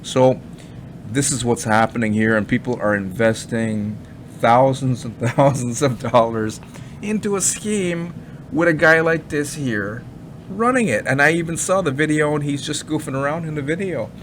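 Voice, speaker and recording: A man's voice: mid-range voice, lively intonation, moderate pace, a bit bright, a little hiss or hum. A man giving rambling, skeptical commentary in a casual chat, with fillers and many asides. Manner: skeptical, mocking tone. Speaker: crypto commentary vlogger.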